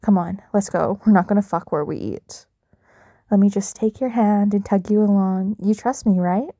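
A young adult woman performing an intimate audio role-play in a teasing, dominant, soft-spoken way with whispered asides. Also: mid-range voice, normal speed, no echo, studio quality.

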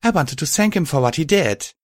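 A man's voice: a little high, lively intonation, brisk, dry recording, clean studio sound, pitched above the performer's own voice, close to an everyday voice. Man voicing an earnest young winged pony. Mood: grateful. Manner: emotional, earnest. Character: young winged pony hero, eager and guilt-ridden.

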